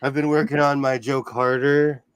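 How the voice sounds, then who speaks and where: A man hosting a casual sewing livestream from his home sewing room, easygoing and quick to laugh. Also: medium pitch, little pitch movement, smooth, no echo. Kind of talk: casual chat.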